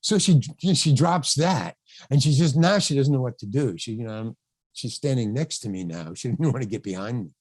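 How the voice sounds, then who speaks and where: An older man rambles through a story as a podcast guest, stopping and restarting his phrases constantly. His pitch jumps around with lively animation. The sound is dry and close. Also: no echo. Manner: rambling, halting, many restarts and "you know". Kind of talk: storytelling anecdote in casual chat.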